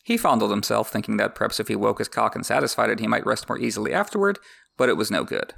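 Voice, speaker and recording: A man's voice: fairly low pitch, animated, fast talker, gravelly, fairly bright tone. A man hosting a podcast, reading a book aloud with wry, joking asides. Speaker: podcast host. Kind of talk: reading a book with comedic commentary.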